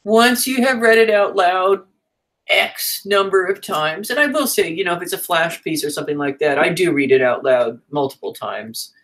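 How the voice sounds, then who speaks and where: A woman's voice: lowish voice, moderate pace, fairly bright tone, low-quality recording. A woman teaching a writing class in a frank, chatty way, with fillers and asides. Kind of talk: casual teaching talk.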